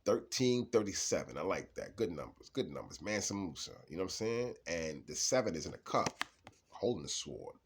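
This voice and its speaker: A man giving a casual, rambling tarot card reading, laughing often and swinging between low mutters and loud bursts. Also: sing-song, normal speed, noisy background.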